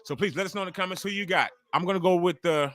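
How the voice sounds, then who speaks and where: A man, hosting a casual live wrestling watch-along and chatting loudly with viewers. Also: high-pitched, racing, no echo. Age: 40s. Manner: loud, excitable, chatty with viewers, swears freely. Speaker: livestream host.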